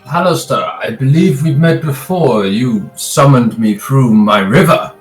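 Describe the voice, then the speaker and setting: A man's voice: mid-range voice, expressive, a little slow, reverberant, faint music behind, low-quality recording. A man playing in character in a tabletop game, speaking in an earnest, questioning way. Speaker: player.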